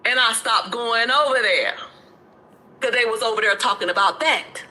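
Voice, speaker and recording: A woman's voice: a little high, moderate pace, bright, forceful tone, rough recording. A woman on a live stream, confrontational and repetitive as she calls people out.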